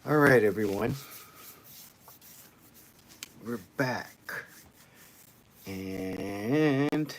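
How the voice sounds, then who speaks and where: Laid-back low-voiced man rambling on stream. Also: very slow, slight background noise. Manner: loose, rambling, repeats phrases. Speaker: livestreamer. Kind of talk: casual livestream chat.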